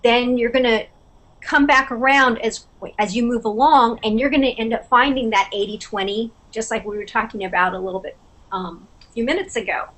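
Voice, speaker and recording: A woman on a panel talking about clients and sales in a halting, conversational way on a video call. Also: a little high, fairly even intonation, fairly bright tone. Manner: halting, repeats herself, conversational. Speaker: panelist, small business owner. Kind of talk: casual video call discussion. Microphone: video call webcam.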